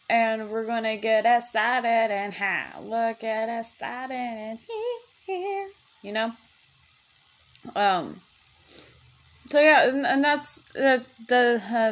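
A young woman talks casually into her podcast, looping through "um" and "like" and dropping swear words. Her pitch sits in the middle of the usual range. She sounds a little distracted, as if doing something else while she talks. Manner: rambling, swears freely, many fillers and restarts. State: headache, distracted while playing a game. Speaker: podcast host. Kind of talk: casual chat.

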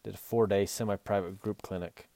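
A man's voice: on the low side, fairly even intonation, fairly quick, creaky, dark tone, no echo. A man hosting a podcast, coaching riders in an earnest talk with many restarts. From Utah. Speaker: podcast host and horse and mule trainer.

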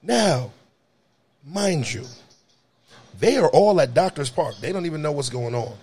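A young adult man telling a story in casual talk, animated and profane, jumping to high shouts. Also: measured pace, slightly rough. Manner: animated, profane, jumps to high shouts when acting out scenes.

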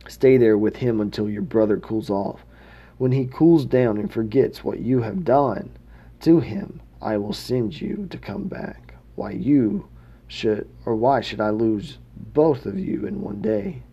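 A man's voice: mid-range voice, animated, a little slow, creaky, slightly rough, lo-fi sound, exaggerated voice. A man reading the words of a worried mother warning her son, in his own plain reading voice with small slips. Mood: urgent. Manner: plain read-aloud delivery with slips.

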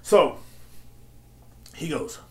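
Speaking very slowly in a slightly bright voice, a young podcast host goes on a casual, profane solo rant. He wanders through his story, laughs a lot, and performs the quotes, all in a room with noticeable echo.

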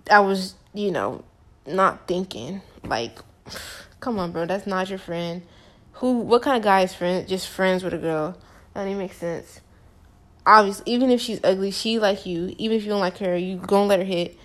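A vlogger in her twenties talks straight to camera, telling a personal story in loose, slangy speech at a normal speed. Her delivery is animated and emphatic, leaning hard on key words, and her pitch sits squarely mid-range for a woman.

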